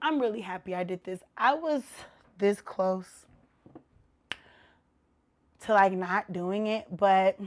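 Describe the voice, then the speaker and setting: A woman hosting her own podcast in casual chat, animated and a little tipsy, with loud exclamations and slang. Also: mid-range voice, slow pace, long pauses, a little hiss or hum. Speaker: podcast host.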